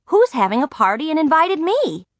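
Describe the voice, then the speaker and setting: An eager, curious girl of about twelve, voiced by a woman reading a storybook aloud. She fires off breathless questions and exclamations with a lively, swooping pitch. The sound is close and dry. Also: normal speed, no echo. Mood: surprised.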